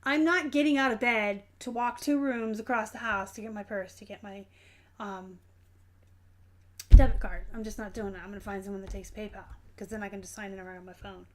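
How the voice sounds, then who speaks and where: A woman's voice: medium pitch, fairly even intonation, brisk. A woman hosting a casual live stream, reading viewer comments and chatting frankly with lots of ums and self-corrections. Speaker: host of a live reselling Q&A stream.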